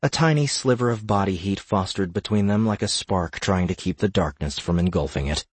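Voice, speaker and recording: A man reading a fantasy audiobook with a deep, husky voice. His storytelling is measured and steady. The sound is dry and close to the mic. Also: no room sound. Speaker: narrator. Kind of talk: scripted fantasy audiobook narration.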